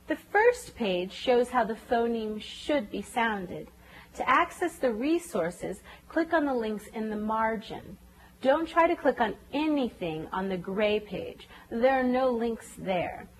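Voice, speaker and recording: A woman narrating a scripted tutorial for teachers, clearly explaining step-by-step reading lessons and carefully sounding out phonemes. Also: on the high side, a little hiss or hum. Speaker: reading teacher demonstrating a website. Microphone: voice-over.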